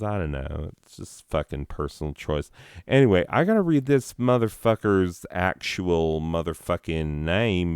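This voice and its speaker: A man's voice: a bass voice, darkish tone, smooth, no echo, clean studio sound. A middle-aged man delivering a profane comedic monologue, swinging between mock-formal reading and swearing rants.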